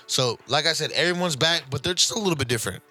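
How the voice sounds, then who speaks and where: A man co-hosting a podcast, retelling anime episodes in animated, casual chat with plenty of swearing. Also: on the high side, quick pace, soft background music. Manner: animated storytelling, heavy swearing. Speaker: podcast co-host.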